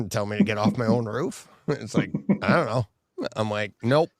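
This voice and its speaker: A man with a low-pitched voice co-hosts a podcast and chats casually. He tells rambling stories and breaks into laughter mid-sentence. He is recorded close and dry on a podcast mic. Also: normal speed, dry recording. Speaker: podcast co-host. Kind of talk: casual chat.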